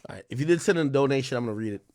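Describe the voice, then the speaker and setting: A man hosting a live stream, reading out donations in loose, profane, casual chat with loud excited bursts. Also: medium pitch, racing, dry recording, clean studio sound.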